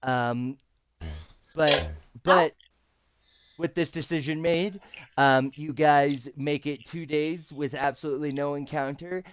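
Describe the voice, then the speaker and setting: A man's voice: on the high side, fairly even intonation, slow pace, pauses often, clear, resonant tone, no room sound. A man narrating a tabletop game as game master over a voice chat, hesitant with many ums. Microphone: voice chat call.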